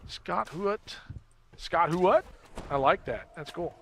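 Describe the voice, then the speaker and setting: A man's voice: high voice, animated, a little slow, gravelly, slight background noise. A man streaming a game from his computer, chatting in a rambling, jokey way and laughing at his own puns. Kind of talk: casual chat while playing a game.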